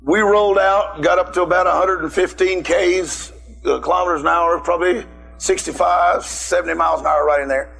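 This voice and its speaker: A man's voice: high voice, steady tone, a little fast, creaky, fairly bright tone, faint music behind. A man preaching a sermon, telling a personal story and calling out emphatically to his listeners.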